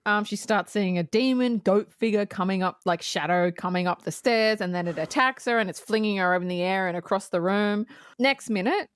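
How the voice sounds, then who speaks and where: A woman co-hosting a casual movie review podcast, cursing freely, laughing often and acting out scenes in quick voices. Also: mid-range voice, smooth, dry recording. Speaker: podcast co-host.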